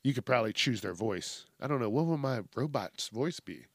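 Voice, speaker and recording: A man's voice: mid-range voice, animated, a little fast, no echo, studio quality. A man hosting a podcast, ranting casually in a rambling, profane and self-mocking way. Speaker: podcast host. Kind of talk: casual comedic rant.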